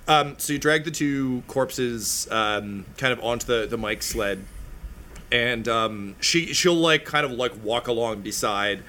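A man's voice: mid-range voice, a little slow, pushed and bright. Rambling game master man. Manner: casual, rambling narration with many fillers. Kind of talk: narrating a tabletop game.

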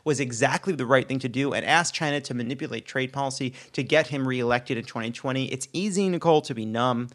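A man's voice: mid-range voice, fast, hardly any pauses. A man co-hosting a comedy news chat, delivering jokes in a dry, joking way. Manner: dry jokey delivery, mock impressions. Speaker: co-host. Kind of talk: scripted comedic news banter.

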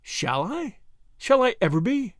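A man voicing a hoarse, frightened femme fatale. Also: sing-song, a little slow, dry recording, studio quality, heavily acted. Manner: hoarse, fearful, low and dangerous. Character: breathless fearful older woman schemer.

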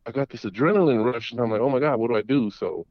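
On dull lo-fi audio with no echo, a middle-aged caller speaks quickly in a mid-range voice. He tells a long, casual story in a rambling manner, restarting and repeating words.

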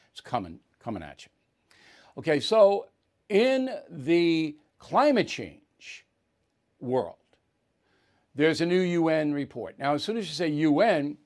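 This man's fairly high, slightly mellow voice carries an emphatic, conversational political monologue on his talk show. He keeps checking in with listeners, frequently tossing out "right?" and "okay?"

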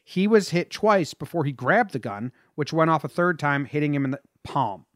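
A man's voice: a little high, lively intonation, normal speed, no echo. A man with a slightly raised voice tells a prepared story on a casual podcast, breaking off now and then to chat and laugh with his co-host. He is recorded close and dry, with no room sound.

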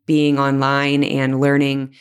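A woman's voice: rumbling low, monotone, takes it slowly, smooth. A woman in her thirties, a podcast guest, chatting casually and rambling with self-deprecating asides and restarts. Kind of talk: casual interview chat.

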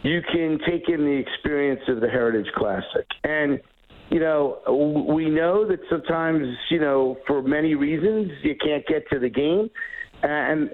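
A man being interviewed as a guest executive, talking in an upbeat, rambling way with many fillers and restarts, heard over a phone line. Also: a little high.

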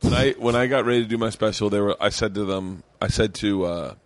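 A man, a comedian, chatting casually on a podcast in a rambling way with quick restarts. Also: lowish voice, no echo.

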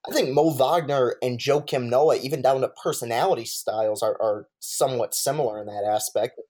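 A man's voice: mid-range voice, fairly quick, darkish tone. A man co-hosting a casual sports talk show, thoughtfully comparing two teams.

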